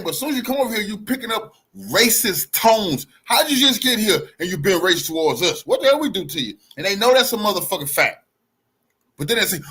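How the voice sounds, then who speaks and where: A man co-hosting a live stream, delivering loud, profane, heated commentary straight at the viewers. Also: sits high, husky. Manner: loud profane ranting, addresses viewers directly. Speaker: co-host.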